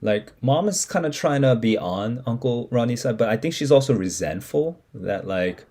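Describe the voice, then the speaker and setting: A man walks through a short story passage line by line, pausing to explain as he goes. His voice is husky and mellow, with a pitch that rises and falls a lot, and he thinks aloud with plenty of fillers and restarts. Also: expressive. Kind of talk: live reading reaction.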